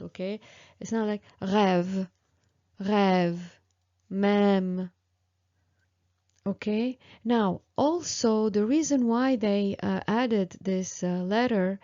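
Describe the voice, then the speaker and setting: Slow, patient woman teaching pronunciation. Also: medium pitch, mellow, muffled recording. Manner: slow and patient, with many fillers and repeated examples. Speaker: French teacher. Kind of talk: online language lesson.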